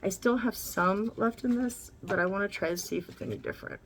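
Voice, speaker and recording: Chatty, gravelly makeup vlogger woman. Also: medium pitch, fairly quick, noisy background. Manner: candid, rambling, swears casually.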